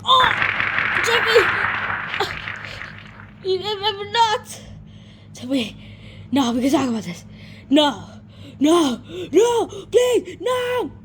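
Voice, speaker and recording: A woman in a puppet comedy skit, shouting frantic, shrieky exclamations, with noise in the recording. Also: very high-pitched, big pitch swings, takes it slowly, long pauses. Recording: noisy background hiss.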